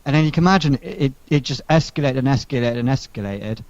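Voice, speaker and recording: A man's voice: medium pitch, fast talker, no echo. Guy venting about work, sarcastic and swears a lot, dull lo-fi recording. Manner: animated, sarcastic storytelling with swearing. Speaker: podcast co-host telling a story. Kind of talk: casual chat, venting anecdote. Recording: dull lo-fi sound.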